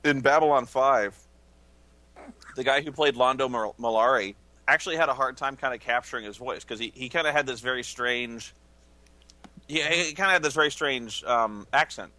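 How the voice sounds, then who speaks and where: A man's voice: mid-range voice, normal speed, bright, forceful tone, dry recording. A man in casual chat, enthusiastically telling stories. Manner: enthusiastic storyteller.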